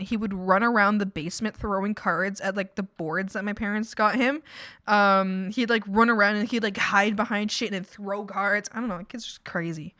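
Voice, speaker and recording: A woman's voice: mid-range voice, a bit bright, no echo, studio quality. A woman in her twenties chatting casually on stream, telling rambling family stories full of fillers and laughter. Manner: rambling, filler-heavy storytelling with frequent laughs. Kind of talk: casual chat.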